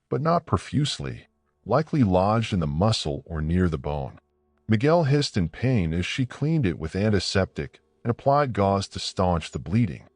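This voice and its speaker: A man's voice: fairly low pitch, darkish tone, no room sound, clean studio sound. A man giving scripted, dramatic narration of a suspense story.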